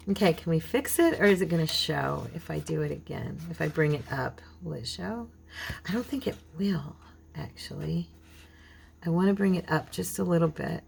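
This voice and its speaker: Gravelly-voiced woman chatting through a craft. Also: low-pitched, normal speed, darkish tone. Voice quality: chatty, talks to herself while working. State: frog in her throat, clearing it. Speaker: craft channel host. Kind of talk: casual crafting tutorial chat.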